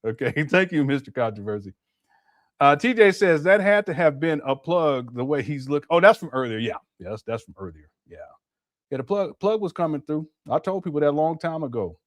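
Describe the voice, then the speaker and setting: Man, live stream commentator, rambling and repetitive, slightly high voice, dry close mic. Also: big pitch swings, fairly quick, no room sound. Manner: rambling, musing, with a lot of repetition.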